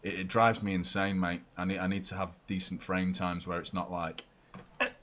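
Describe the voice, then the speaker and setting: A young man hosting a live football watchalong from home, chatty and excitable, moving between loud cheers and quiet muttering. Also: low-pitched, normal speed. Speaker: football fan channel host. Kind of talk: live match watchalong commentary. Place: home room with door open and a fan.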